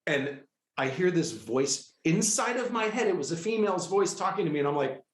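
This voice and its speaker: A middle-aged man telling a personal story with excitable, animated energy, often breaking into quoted dialogue. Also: fairly high pitch, brisk. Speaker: guest, healer. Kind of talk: storytelling in a conversational interview. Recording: echoey room.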